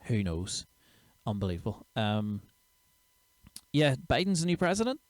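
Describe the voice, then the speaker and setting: A man's voice: medium pitch, sing-song, unhurried, no room sound. A man, a comedian chatting casually and sweary on his own livestream show. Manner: chatty, sweary, self-mocking. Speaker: comedian and podcast host.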